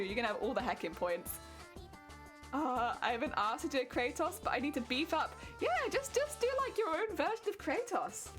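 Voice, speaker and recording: Woman, young adult, chatty streamer, high animated voice. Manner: chatty, bubbly, laughs often. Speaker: cosplay crafting streamer. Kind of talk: casual live-stream chat with viewers.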